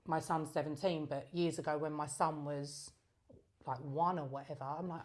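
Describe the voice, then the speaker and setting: A woman's voice: deep voice, steady tone, moderate pace, darkish tone. A middle-aged woman co-hosting a casual podcast chat, chatty and asking probing questions. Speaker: podcast co-host.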